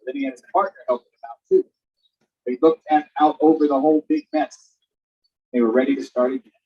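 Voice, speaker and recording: A woman reading a picture book aloud for a virtual storytime, animated and inviting listeners to join in. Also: extremely low pitch, fairly quick, distant mic, lo-fi sound, soft background music. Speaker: storytime reader. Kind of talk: children's story read-aloud.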